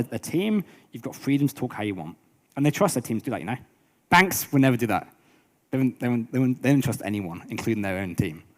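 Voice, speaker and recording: A young man leads a business workshop, moving quickly from one story to the next. He talks at a brisk clip in a middle-pitched voice. He stumbles and restarts often, with plenty of fillers. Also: darkish tone. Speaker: business coach. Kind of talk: workshop talk with anecdotes.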